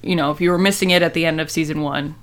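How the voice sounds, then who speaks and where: A woman's voice: low-pitched, fairly even intonation, very fast. A woman casually recapping a TV episode, acting out the characters' lines as she goes. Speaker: podcast host recapping a TV episode. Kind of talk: casual chat.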